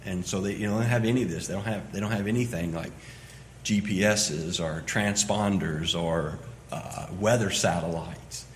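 A man preaching a sermon as pastor, swinging between loud emphatic lines and quiet low asides. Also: moderate pace, slight background noise. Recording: echoey hall with long reverb.

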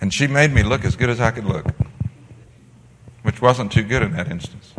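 A man preaching a sermon, from the Netherlands, animated and emphatic, dropping to a soft storytelling voice. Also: medium pitch, moderate pace, noisy background. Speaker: pastor. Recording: long hall reverb.

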